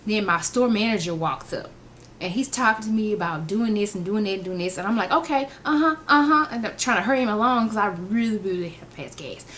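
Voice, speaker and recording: A woman, telling funny personal stories in an animated way and acting out the quotes. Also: mid-range voice, quick pace, a little hiss or hum. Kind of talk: casual storytelling vlog.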